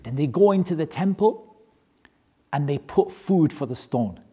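A religious teacher tells a story to a class in an animated, joking way. The voice sits in a middle pitch and keeps firing rhetorical questions. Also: measured pace, husky.

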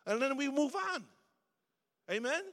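A middle-aged man delivers a sermon in a casual, conversational way, often pausing to call on the young crowd for a response. His voice sits high for a man. It rings with the long reverb of a large church hall. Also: lively intonation, a bit bright. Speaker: guest preacher at a youth service.

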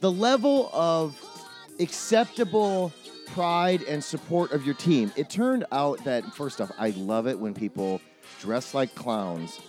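Animated middle-aged man telling a story. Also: on the high side, slow pace, soft background music. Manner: animated storyteller, acts out quotes, swears freely. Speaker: podcast co-host. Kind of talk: casual chat.

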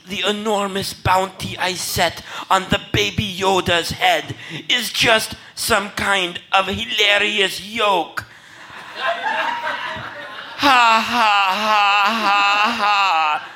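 A man voicing an evil scheming villain boss who hates cute things, ranting slowly and menacingly. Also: sits high, sharp tone, exaggerated voice, poor audio. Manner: slow, menacing, theatrical rants. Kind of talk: comedy podcast sketch.

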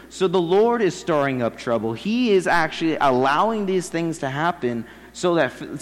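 A young man giving a casual, slangy sermon and acting out the quoted voices as he retells a story. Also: on the high side. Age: young adult. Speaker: seminary student preaching. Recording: long hall reverb.

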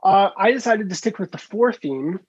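High-voiced rambling man on a podcast. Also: expressive, normal speed, slightly rough, no echo, highs cut off. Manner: rambling, many fillers and restarts, swears casually. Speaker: podcast co-host. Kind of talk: casual chat.

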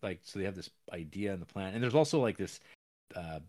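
A man's voice: low-pitched, expressive, brisk, warm tone. A man co-hosting a podcast, casually recapping a film in a rambling way and acting out lines. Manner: rambling recaps with acted-out quotes and laughs. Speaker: podcast co-host.

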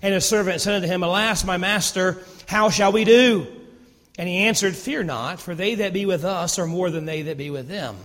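High-voiced pastor preaching in a reverberant hall. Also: male voice, normal speed, fairly bright tone. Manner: reads scripture then retells it in casual modern terms. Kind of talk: sermon. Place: church sanctuary. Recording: long reverb of a church hall.

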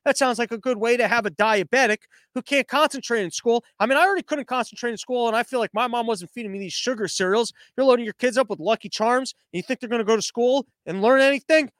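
A man's voice: very high-pitched, fast, few pauses, fairly bright tone, no room sound. A man hosting a podcast, ranting through political commentary in a sarcastic, profane, mocking way. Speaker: podcast host.

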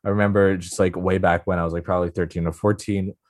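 A young man with a very low voice talks in a relaxed, earnest podcast chat, filling his sentences with "like" and little restarts. The sound is dry and close, with no room around it. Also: quick pace, no room sound. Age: young adult. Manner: earnest, chatty, lots of fillers. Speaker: podcast co-host. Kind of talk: casual chat.

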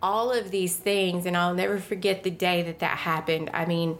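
A woman's voice: fairly low pitch, steady tone, moderate pace. A woman, a mother and podcast guest, talking earnestly about faith and parenting and laughing at herself. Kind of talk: casual faith-based podcast chat.

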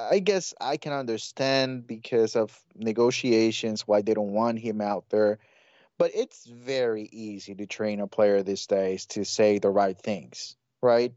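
A man co-hosting a sports podcast in casual chat, with a mid-range voice. He talks in a measured way and often restarts his sentences. The recording is dull and lo-fi, with a dry, close sound. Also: mid-range voice, darkish tone, no echo. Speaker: podcast co-host.

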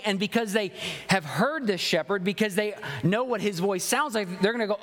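His voice sits high, sounds a bit bright and expressive, and moves a little fast. This young pastor preaches earnestly in a church sanctuary, asking rhetorical questions and often restarting phrases, all carried by long hall reverb.

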